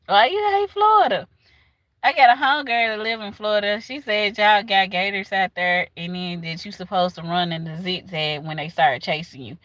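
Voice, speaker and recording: A woman with a Southern US accent chatting casually with her livestream viewers, animated and laughing often. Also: mid-range voice, a little fast, hardly any pauses, no room sound. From southern United States. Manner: animated, laughs often, talks back to chat. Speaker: livestream host.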